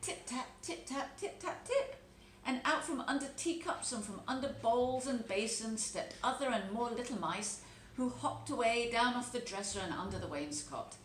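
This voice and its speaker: A woman teacher reading a children's storybook aloud, telling it with expressive, animated delivery. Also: on the high side, normal speed. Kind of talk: storybook read-aloud narration. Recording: echoey room, faint background noise.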